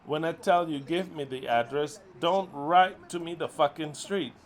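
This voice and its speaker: At a measured pace, a middle-aged man heading a ministry scolds his followers profanely and with clear exasperation. He moves from loud outbursts down to low muttering.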